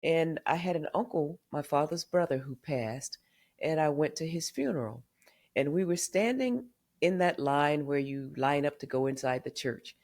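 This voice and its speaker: A woman's voice: low-pitched, moderate pace, a little mellow. An older woman from the American South, a memoir author and podcast guest, telling family stories candidly and acting out what her relatives said. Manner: candid storyteller who acts out quoted family members. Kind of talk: podcast interview storytelling.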